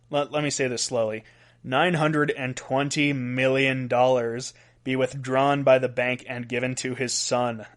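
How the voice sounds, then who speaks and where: A man hosting a solo weird-news podcast, counting down a list and laughing at his own asides. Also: medium pitch. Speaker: podcast host.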